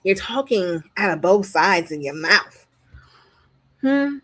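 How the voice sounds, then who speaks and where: A woman's voice: fairly low pitch, takes it slowly. A woman reviewing a reality TV show in casual commentary. She speaks bluntly, swears freely and acts out what the cast said. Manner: animated, acts out what others said.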